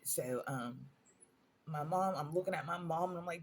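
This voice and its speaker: A woman's voice: low voice, moderate pace, slight background noise. A woman vlogger telling personal stories in a casual storytime monologue, earnest and emphatic, repeating phrases for stress.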